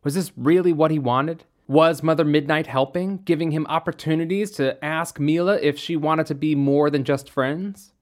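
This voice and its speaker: A narrator reading a novel aloud in a steady, even storytelling manner. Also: medium pitch, normal speed, hardly any pauses. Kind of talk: audiobook reading.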